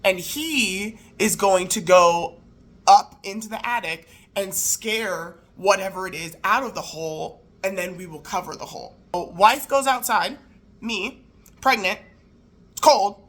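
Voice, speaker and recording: A woman in her mid-thirties telling a casual storytime, animated and incredulous as she acts out the people in it. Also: medium pitch, unhurried. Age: 30s. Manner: animated, incredulous retelling with quoted voices.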